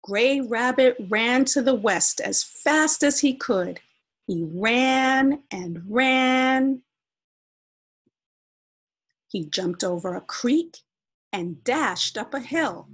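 A woman reading a children's picture book aloud in a gentle, expressive way. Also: fairly high pitch, drawn-out words, long pauses. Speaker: storyteller.

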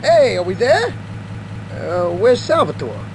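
An actor playing an eager, fawning small-time mobster in a video game cutscene, chattering giddily. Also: male voice, takes it slowly, full character voice. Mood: excited. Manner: giddy, chattering, high and excited. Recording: loud engine noise behind.

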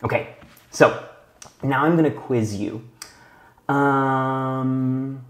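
A male English teacher talks to the camera in a patient video lesson, asking simple questions and pausing for answers. His voice sits in the middle range. The room around him gives it a noticeable echo. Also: medium pitch, steady tone. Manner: slow, clear teacher talk with frequent check-in questions.

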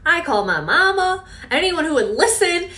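A young woman vlogging in a casual, animated storytelling way, often acting out what people said. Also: extremely high pitch, normal speed. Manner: chatty, animated, with quoted reenactments.

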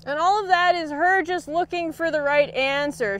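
A woman horse trainer explaining a training session in a calm, encouraging way, often praising her horse. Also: high voice, moderate pace, hardly any pauses.

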